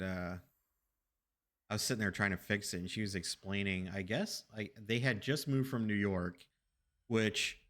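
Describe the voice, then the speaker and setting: A man streaming from his apartment, telling a long anecdote in a rambling, animated way with restarts and casual swearing. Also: low-pitched. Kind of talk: casual storytelling chat. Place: home apartment.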